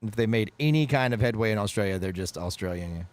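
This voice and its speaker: A man's voice: fairly low pitch, animated, fast, no echo. Band member co-host, man, teasing and bossy, dry close-mic sound. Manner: teasing, playful, bossy when coaching. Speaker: band member co-hosting a stream chat. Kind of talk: casual chat.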